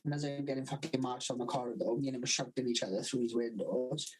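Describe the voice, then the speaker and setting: A man's voice: medium pitch, fast talker, slight background noise, poor audio. A young Welsh man with a Valleys accent, swearing constantly and laughing through his stories in casual podcast chat. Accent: South Wales Valleys. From Wales. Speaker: podcast co-host.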